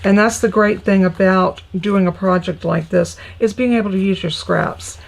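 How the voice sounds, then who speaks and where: A woman's voice: medium pitch, steady tone, moderate pace, creaky, poor audio. A woman hosting a live crafting tutorial, chatty and gushing, greeting viewers as she shows her supplies. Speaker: crafting host.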